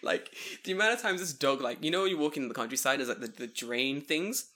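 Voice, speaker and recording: A man co-hosting a casual podcast, swearing freely and telling stories with lively silly voices. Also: mid-range voice, a little fast. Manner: swears a lot, animated storytelling with silly voices. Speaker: podcast co-host.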